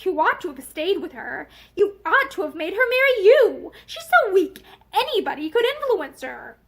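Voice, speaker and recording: An eager, innocent young girl, earnest and pleading, her voice climbing high, as a woman reading a novel puts her on. Her speech leaps and swoops with a lively, expressive lilt. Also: normal speed, exaggerated voice.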